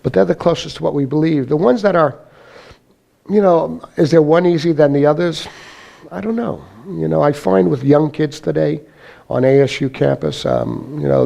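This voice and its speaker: A man's voice: a little high, vocal fry, mellow. A man giving an informal spoken testimony to a church congregation, rambling and full of "you know" as he tells his story. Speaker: guest speaker sharing his testimony. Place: church meeting.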